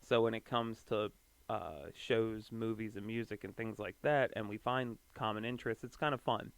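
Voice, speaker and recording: A man's voice: lowish voice, normal speed, fairly bright tone, clear, resonant tone, no echo. A young man hosting his own podcast, rambling casually about music with lots of swearing, fillers and restarts. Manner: loose and profane, full of fillers and restarts. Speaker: podcast host.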